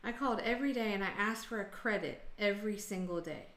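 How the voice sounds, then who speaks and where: A woman's voice: medium pitch, fast talker, a bit bright, echoey room. An American woman hosting a casual group video call, venting bluntly and sarcastically. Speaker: host.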